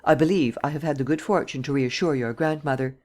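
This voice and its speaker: A woman reads a male master criminal in an audiobook, low and unhurried. He speaks with calm, deliberate self-assurance and never raises his voice. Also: lightly acted. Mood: smooth. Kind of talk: audiobook character reading.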